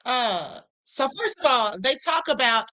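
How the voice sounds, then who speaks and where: A woman's voice: a little high, expressive, measured pace, bright, forceful tone, low-quality recording. A woman hosting a livestream show, talking casually and sassily, calling her viewers honey and y'all. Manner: sassy, chatty, calls viewers honey and y'all.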